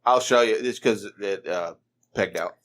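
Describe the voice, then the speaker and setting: A man's voice: lowish voice, a little slow, a bit bright. A man co-hosting a casual podcast chat, joking and telling stories with animation. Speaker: podcast co-host.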